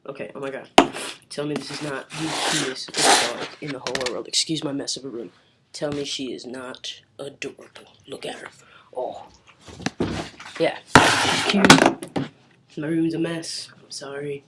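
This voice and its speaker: A man's voice: medium pitch, steady tone, moderate pace. Chatty young man in a noisy bedroom. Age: young adult. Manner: chatty, rambling, lots of filler words and casual swearing. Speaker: vlogger. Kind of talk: casual chat to camera. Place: his bedroom.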